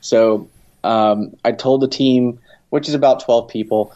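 A man's voice: medium pitch, steady tone, a little slow, mellow. A man answering interview questions in a casual way, hesitant and full of fillers and restarts. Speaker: guest from a game company. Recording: dull lo-fi sound.

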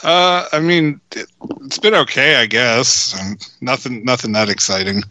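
A man on a casual podcast, answering in a dry, deadpan way with low-key comebacks. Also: normal speed, no room sound, low-quality recording. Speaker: podcast co-host.

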